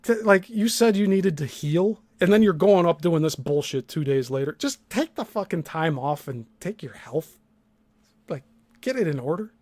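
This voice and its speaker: A man's voice: a little high, lively intonation, normal speed, a little mellow. A man hosting a reaction commentary, talking in a sarcastic, blunt way and swearing freely. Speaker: host.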